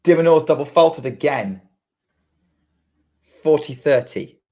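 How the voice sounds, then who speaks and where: A man's voice: a little high, expressive, dark tone. A British man co-hosting a casual tennis watchalong, calling the rallies live and chatting between points. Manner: running play-by-play, quickens during rallies. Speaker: podcast co-host doing live commentary.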